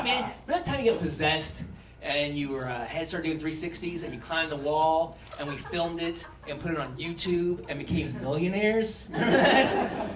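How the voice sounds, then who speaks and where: Animated stand-up comedian in an echoey club. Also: male voice, high voice, background noise. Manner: swearing, animated, acts out voices. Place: comedy club stage with audience laughter. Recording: echoey club recording from a distance.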